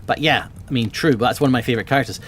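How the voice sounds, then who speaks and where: A man's voice: medium pitch, very fast, a little hiss or hum. A man streaming from a home room full of bookshelves, chatting casually and enthusiastically about books and swearing freely. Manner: rambling and enthusiastic, swears often.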